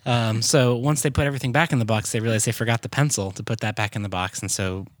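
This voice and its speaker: A man's voice: mid-range voice, steady tone, fast, dry recording. A young man telling an amused story in casual chat on a podcast.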